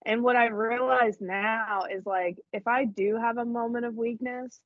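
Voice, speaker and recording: A woman's voice: on the high side, unhurried, dry recording. Emotional woman on a dull, dry recording. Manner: emotional, laughing, animated. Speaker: podcast co-host. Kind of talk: casual faith chat.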